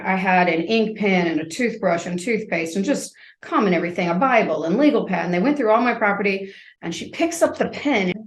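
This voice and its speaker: A woman's voice: medium pitch, reverberant. A woman in her fifties telling her story as a podcast guest, vividly acting out scenes as she goes.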